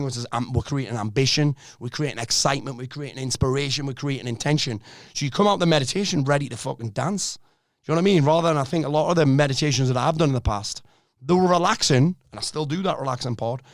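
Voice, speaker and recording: A middle-aged man speaks as a podcast guest, direct and energetic, with plenty of swearing. His voice sits at an ordinary middle pitch. The recording is dry, with no room echo. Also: fast. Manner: blunt, energetic, swears freely. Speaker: life coach, podcast guest. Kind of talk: casual podcast conversation.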